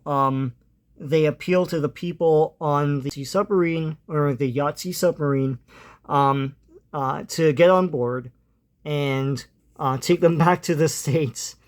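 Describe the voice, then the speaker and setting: A man's voice: on the high side, smooth. A man casually retelling a comic book story, hesitant and full of ums and uhs. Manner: hesitant, lots of ums and uhs, chuckles now and then.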